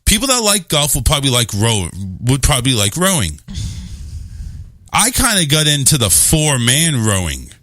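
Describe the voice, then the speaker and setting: A man's voice: mid-range voice, huge pitch swings, moderate pace, bright, forceful tone, dry recording. A man hosting a radio show, chatting casually and joking around, sometimes slipping into silly voices.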